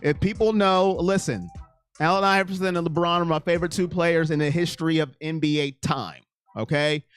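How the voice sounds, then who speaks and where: A slightly high-voiced man with a clean tone hosts a relaxed live sports stream at a moderate pace. He reads chat comments and rants excitedly, now shouting, now mumbling.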